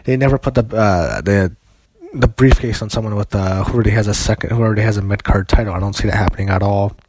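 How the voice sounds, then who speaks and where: A man's voice: on the low side, fast talker, a little mellow, breathy edge. A young man reviewing a wrestling show in an opinionated, rambling, foul-mouthed way, often restarting his sentences. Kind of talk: casual solo review.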